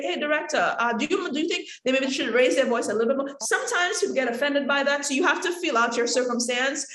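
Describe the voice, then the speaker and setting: A woman acting teacher taking questions in an online workshop, explaining in a lively way and acting out short examples. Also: fairly high pitch, echoey room, slight background noise. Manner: lively, acts out examples with laughter.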